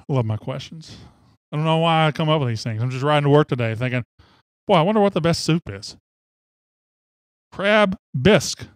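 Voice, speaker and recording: A man's voice: on the high side, animated, brisk, no echo, studio quality. A man hosting sports talk radio, fired up and opinionated, rambling from one take to the next.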